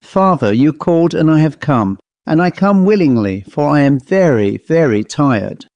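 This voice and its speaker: A man's voice: a little high, animated, normal speed, darkish tone, dry recording, muffled recording. A man voicing a slim young girl who speaks in a lilting, laughing way, in an audiobook ghost story. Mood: weary.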